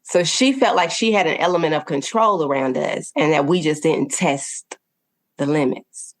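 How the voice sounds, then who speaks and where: A woman with a low voice, talking as a podcast guest. She tells her story earnestly and warmly, laughing now and then and tossing in quick "okay?" and "right?" check-ins. Her delivery stays conversational and open. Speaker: podcast guest, parenting coach.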